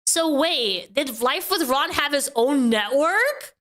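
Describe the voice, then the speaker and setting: A woman hosting a casual podcast, with a high, bright voice. She questions her guest with a puzzled air and laughs often. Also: lively intonation, takes it slowly. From living in Portugal. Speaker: podcast host.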